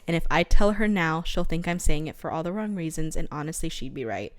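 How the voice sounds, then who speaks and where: A woman's voice: sits low, expressive, a little fast, no room sound. A young woman co-hosting a casual book podcast, reading quotes aloud and laughing often as she shares theories. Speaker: podcast co-host. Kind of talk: casual book-discussion chat.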